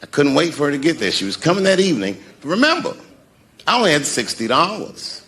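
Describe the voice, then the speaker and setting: A man telling stand-up comedy stories, acting out the people in them and dropping to a hushed mumble for sheepish asides. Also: on the high side, fast talker. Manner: animated, acts out the voices of people in his stories.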